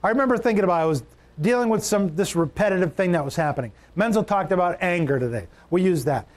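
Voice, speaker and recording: This sermon comes from a male pastor with a strikingly high voice, talking fast and animatedly. He hammers his points with repeated lines and a rising, falling pitch.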